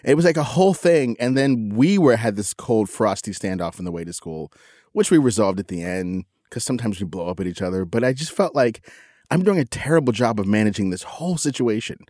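A man's voice: fairly low pitch, lively intonation, fairly quick, warm tone, no echo, clean studio sound. A middle-aged man casually telling a personal story as a podcast co-host, candid and self-critical, rambling with restarts.

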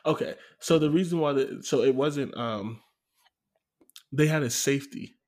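A man with a slightly husky, breathy voice co-hosts a casual sports podcast. He rambles through football scores, jokes around and laughs often. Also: mid-range voice, moderate pace, a little mellow. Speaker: podcast co-host.

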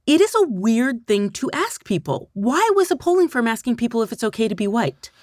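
A woman hosting a podcast interview, asking questions in a lively way. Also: fairly high pitch, a little fast, no room sound, clean studio sound. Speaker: podcast host.

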